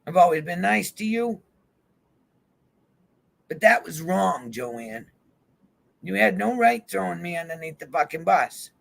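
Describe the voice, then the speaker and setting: A man's voice: high-pitched, unhurried, creaky, pauses often, a bit bright. A man on a vlog in a heated, swear-filled rant, calling people out directly. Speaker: YouTube vlogger. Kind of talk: angry profane rant to camera. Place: van.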